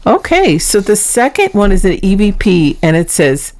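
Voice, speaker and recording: A middle-aged woman speaks in a casual, chatty way as she hosts her own paranormal vlog. Her voice sits a little low, and she talks to viewers like she is sharing clips with friends. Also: lively intonation, normal speed, few pauses, a little mellow. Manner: chatty, introduces recordings.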